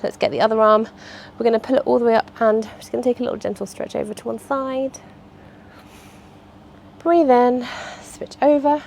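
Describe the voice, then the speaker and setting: A woman's voice: on the high side, fairly even intonation, moderate pace, gravelly, darkish tone, slight background noise. Chatty woman leading a workout. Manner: chatty and encouraging, cueing movements. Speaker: fitness instructor. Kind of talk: guided workout instruction.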